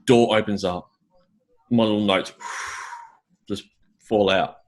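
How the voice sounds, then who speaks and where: A man, a gigging drummer, chatting casually and telling animated stories in which he acts out other people's lines. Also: on the low side, slow pace. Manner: animated storyteller, mimics voices. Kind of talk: casual chat.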